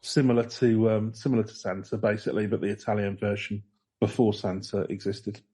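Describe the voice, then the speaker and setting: A man's voice: lowish voice, level tone, fairly quick, dark tone, breathy edge. A man co-hosting a casual podcast, reading notes aloud in a rambling way with dry jokes. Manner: rambling with fillers, dry joking. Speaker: podcast co-host.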